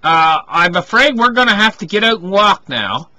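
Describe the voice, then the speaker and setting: A man's voice: sits high, very animated, normal speed, sharp tone, no room sound, pitched above the performer's own voice, full character voice. A man doing a coaxing old-time midwife. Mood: encouraging. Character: calm, reassuring woman midwife of the 1800s.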